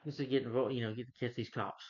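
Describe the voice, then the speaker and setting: A man recaps TV episodes for a video at a quick pace, his medium-pitched voice keeping fairly even intonation. His telling rambles, with dialogue relayed through heaps of "he's like" and "you know." The lo-fi audio comes across slightly dull.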